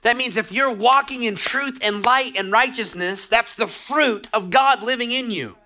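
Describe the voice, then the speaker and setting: A man's voice: extremely high pitch, moderate pace, pushed and bright. A middle-aged man preaching a sermon as pastor, talking emphatically and exhorting his listeners.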